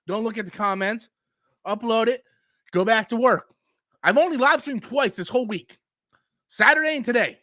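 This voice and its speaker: A man's voice: very high-pitched, normal speed, pauses often, sharp tone, no room sound. A man hosting a casual live stream, heated and profane, who breathes through his mouth and coughs often.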